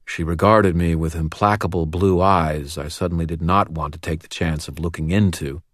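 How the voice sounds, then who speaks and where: A man reading a first-person audiobook with an expressive, wry delivery. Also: low-pitched, normal speed, dry recording, clean studio sound. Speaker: audiobook narrator.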